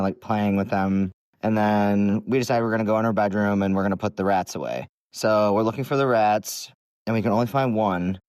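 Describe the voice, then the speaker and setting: A man with a lowish voice tells a story in a loose, rambling way. He fills it with "like" and "um". The sound is dry and close. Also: no echo. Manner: rambling, many fillers like "like" and "um". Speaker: listener telling a story. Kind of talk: casual recorded storytelling.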